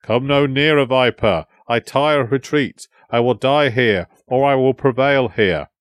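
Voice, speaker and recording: A man voicing a young scout who declaims a heroic speech in a steady, noble voice. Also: mid-range voice, measured pace, dry recording, natural voice. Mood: defiant.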